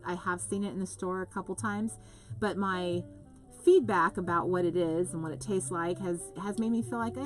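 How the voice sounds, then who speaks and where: A woman from the US West Coast hosting a live craft stream, chatting casually and reading out viewer comments in a rambling, gushing way. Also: medium pitch.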